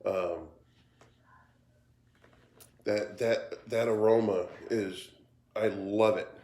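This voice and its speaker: A man talking casually in a cigar review vlog, tired and yawning, with a halting way of speaking that repeats words. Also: fairly low pitch, fairly even intonation, mellow. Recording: roomy echo.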